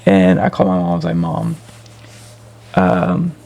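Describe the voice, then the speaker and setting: A man tells a story in a casual, rambling way, with fillers and restarts. His voice is deeply gravelly, full of vocal fry. His pitch swings widely as he talks. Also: big pitch swings, fairly quick, a little mellow. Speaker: vlogger.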